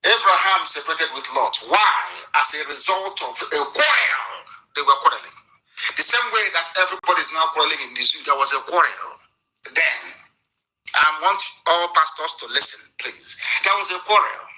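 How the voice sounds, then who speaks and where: A man preaching with an intense, pressing tone. He scolds his listeners and hammers points by repeating them. His pitch sits a little above the usual for a man. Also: expressive, normal speed, bright, forceful tone, rough recording. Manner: emphatic, scolding, repeats himself for stress. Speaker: preacher and political commentator. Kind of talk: preaching political address.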